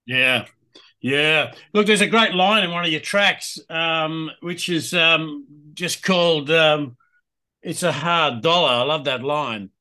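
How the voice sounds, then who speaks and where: A man's voice: a little high, slow pace, bright, forceful tone. A man hosting a music interview, eager and hesitant with frequent ums. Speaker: interviewer host. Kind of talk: casual interview chat.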